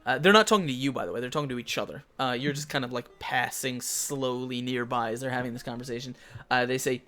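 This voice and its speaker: A man's voice: mid-range voice, fast, sharp tone. A man narrating a tabletop game as game master, rambling with many fillers and restarts.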